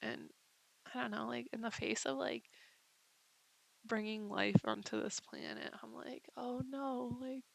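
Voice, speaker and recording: A woman's voice: on the high side, fairly even intonation, a little slow, creaky, pauses often, poor audio. A young woman talking in a casual confessional vlog, rambling and hesitant with lots of fillers. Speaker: vlogger.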